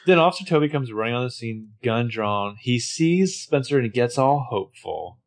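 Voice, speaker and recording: A man co-hosting a podcast, recapping a TV episode with jokey, animated commentary. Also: mid-range voice, normal speed. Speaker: podcast co-host. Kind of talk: casual chat.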